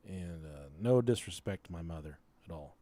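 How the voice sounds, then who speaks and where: A man's voice: sits low, expressive, normal speed, warm tone, no room sound. A man co-hosting a podcast, telling a crude, profane story in casual chat. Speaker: podcast co-host.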